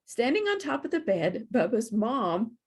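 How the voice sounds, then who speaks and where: A woman librarian reading a children's picture book aloud for storytime, slow and expressive. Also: on the high side, slightly rough.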